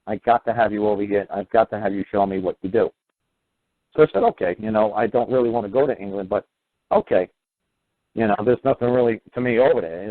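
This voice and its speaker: A male talk show host telling a long story in a casual way, acting out the other people's lines in animated quoted voices. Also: dry recording, phone-quality sound. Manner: animated, acts out quoted voices with rising pitch.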